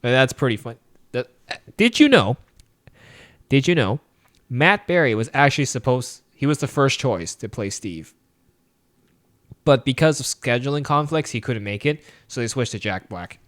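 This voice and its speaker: Animated man retelling a movie. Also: mid-range voice, normal speed, long pauses. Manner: animated retelling, acting out lines, laughs often. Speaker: podcast co-host. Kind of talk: casual movie review chat.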